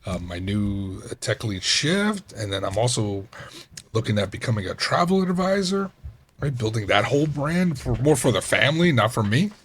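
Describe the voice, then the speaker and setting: A man's voice: moderate pace, slightly rough. A middle-aged man hosting a podcast, telling work stories in a casual monologue and acting out coworkers' lines in a raised voice. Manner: animated, acts out quoted coworkers with raised pitch. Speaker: podcast host.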